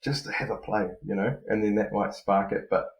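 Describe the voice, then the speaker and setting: A man with a gravelly, fairly low voice and fairly even intonation talks a little fast. He's a motocross rider on a podcast as a guest, chatting casually in a laid-back, rambling way full of fillers. The recording has a roomy echo.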